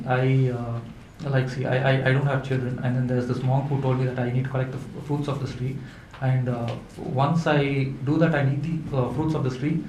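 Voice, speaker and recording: A man's voice: mid-range voice, darkish tone, echoey room, a little hiss or hum, natural voice, rough recording. A man voicing a childless queen who pleads hesitantly.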